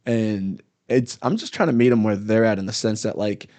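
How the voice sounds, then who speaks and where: Animated male storyteller, casual. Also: on the low side, moderate pace. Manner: animated storyteller, laughs often. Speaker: comedian guest. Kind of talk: casual podcast chat. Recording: live stream, studio mic.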